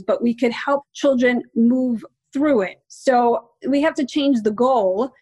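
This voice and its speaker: A woman in her forties gives practical parenting advice as an interview guest, patient and explanatory. Her voice sits a bit high. The sound is dry and close. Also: unhurried, hardly any pauses, no echo. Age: 40s. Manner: explanatory, practical, gently reassuring.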